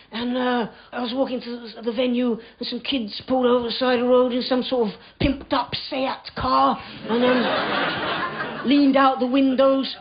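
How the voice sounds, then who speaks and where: A man doing a stand-up comedy set with a dry, sardonic delivery, acting out little dialogues on a club stage. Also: extremely high pitch. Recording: lo-fi live club recording with crowd noise. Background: audience laughter.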